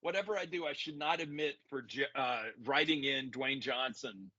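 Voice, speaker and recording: A man's voice: mid-range voice, moderate pace, a loud crowd. A man co-hosting a podcast in casual chat, laid-back and rambling, often calling his co-host "man.". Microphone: remote call mic. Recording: dull lo-fi audio.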